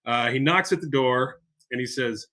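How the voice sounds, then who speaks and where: A man's voice: mid-range voice, normal speed, pushed and bright. A man hosting a podcast, chattily recapping a cartoon episode and laughing as he retells scenes. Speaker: podcast host.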